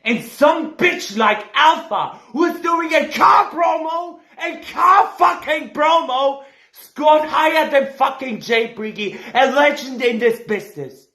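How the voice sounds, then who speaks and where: A man with a German accent, a native German speaker, delivering an angry, cursing wrestling trash-talk promo in shouted bursts. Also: extremely high pitch, slow, reverberant. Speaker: fan wrestling promo competitor.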